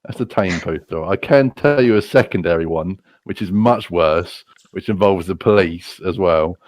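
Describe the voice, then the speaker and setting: Low-voiced crude British storyteller man. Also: normal speed, no echo. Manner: crude, profane, laughing at his own stories. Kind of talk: casual anecdote telling.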